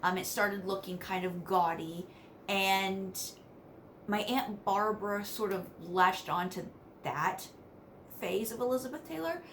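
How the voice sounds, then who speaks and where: Here a West Virginia woman, a vlogger, chats casually to camera about her family, laughing between lines and breaking into lively asides. Her pitch is medium and her pace measured, with a little hiss or hum on the recording.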